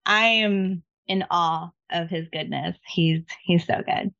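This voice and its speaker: A woman speaks on a podcast in an excited, rambling way, stacking fillers and restarting her sentences. Her voice sits slightly low. The sound is dull and lo-fi. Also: slow pace, gravelly. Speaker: podcast guest. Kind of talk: casual faith chat.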